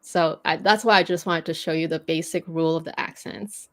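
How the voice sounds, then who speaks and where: A woman's voice: sits low, steady tone, brisk. A native French-speaking woman hosting a casual livestream, patiently explaining French pronunciation with frequent fillers and restarts. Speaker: host teaching French pronunciation.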